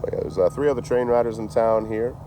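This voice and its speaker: Out in town near a store, a young man live-streams from his phone as a train-hopper, street noise audible in the background. His lowish voice is mellow and quick, and he rambles profanely, laughing between thoughts.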